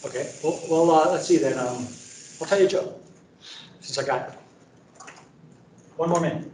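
Chatty trainer in an echoey room. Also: male voice, normal speed, pauses often, recorded from a distance, noisy background. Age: middle-aged or older. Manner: conversational, filler-heavy, anecdotal sales pitch. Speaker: presenter at a training event. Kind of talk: conference training talk. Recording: echoey room, speaker away from mic.

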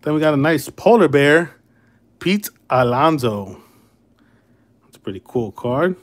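Man, slow unhurried talk, casual livestream card break host, laid-back and chummy. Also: on the high side, lively intonation. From Chicago area. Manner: laid-back, calls viewers brother and man.

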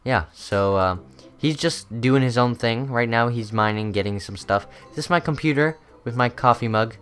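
A man's voice: medium pitch, normal speed, a bit bright, smooth, soft background music. A young man hosting a gaming video, chatting loosely through his gameplay with lots of ums and uhs. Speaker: gaming channel host. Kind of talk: casual gameplay commentary.

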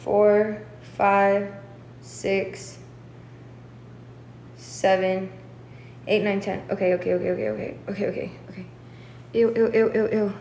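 A woman's voice: medium pitch, flat delivery, a little slow, vocal fry, pauses often, darkish tone, reverberant, slight background noise. A young woman on a live stream who talks anxiously and keeps repeating short phrases. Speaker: livestreamer.

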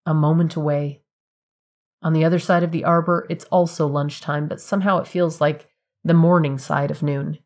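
A woman narrating a piece of fiction for a podcast in an even, measured storytelling voice. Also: low voice.

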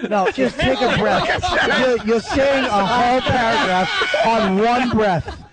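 A man's voice: very high-pitched, slow pace, very noisy. A man on a radio show bossily coaching a guest through a scene. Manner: bossy, coaching. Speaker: radio co-host.

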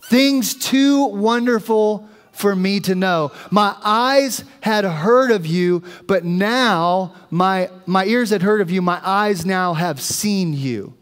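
A man voicing Job, humbled and slowly confessing to God. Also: high voice, pitched above the performer's own voice. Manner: slow, earnest, humbled confession. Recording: long reverb of a church hall.

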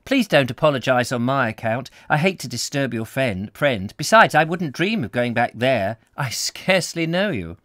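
A man voicing a prim, firm young woman in a live book reading, speaking crisply. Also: medium pitch, lively intonation, normal speed, few pauses, fairly bright tone, no echo, clean studio sound, voice pushed up, natural voice. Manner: crisp, decided.

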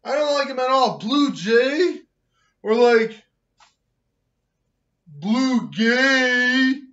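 A man delivering a loud, angry comedic rant, with slow drawn-out shouted outbursts. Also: very high-pitched, animated. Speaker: comedic vlogger ranting to camera. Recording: dull lo-fi recording.

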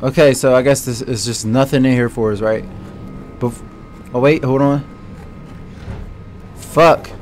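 A man's voice: mid-range voice, steady tone, measured pace, long pauses, darkish tone, soft background music. A young man commenting live as he plays a horror game, jumpy, swearing often and talking straight to his viewers. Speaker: gaming streamer.

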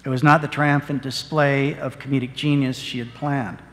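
A parish priest giving a sermon, telling a story in an earnest, measured way. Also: male voice, medium pitch, flat delivery, a bit bright. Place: church. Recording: long church reverb.

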